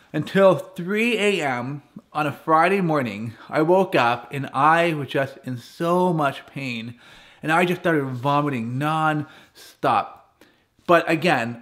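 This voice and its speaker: Man, guest speaker, fairly high voice, humorous, conversational storytelling, talking to campers. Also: a bit bright. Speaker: guest speaker at a youth camp. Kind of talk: personal storytelling talk to campers.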